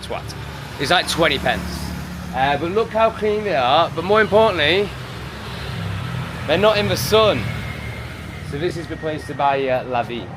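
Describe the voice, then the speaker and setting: A man with an English accent vlogging casually to a handheld camera, swearing and ranting, swinging between loud bursts and low mutters. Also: lively intonation, moderate pace, long pauses, noisy background. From England. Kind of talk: casual vlog monologue. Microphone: handheld camera on a gimbal.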